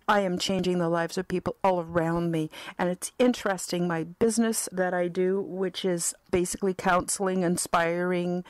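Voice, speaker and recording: A woman's voice: fairly low pitch, dry recording. Middle-aged Canadian woman, earnest heartfelt testimonial, dry close recording. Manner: earnest, heartfelt, repetitive phrasing. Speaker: spiritual counselor and vlogger. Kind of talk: personal testimonial talk.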